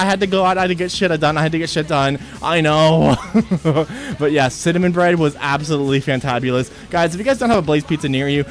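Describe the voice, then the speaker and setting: A young man chatting with his livestream chat, excitable, swearing freely and repeating himself at home. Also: on the high side. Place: home streaming setup.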